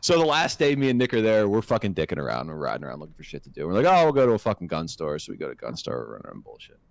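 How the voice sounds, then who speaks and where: A man co-hosting a podcast, telling a profane, animated anecdote in a casual chat. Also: sits low, very fast, gravelly, no room sound. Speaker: podcast co-host.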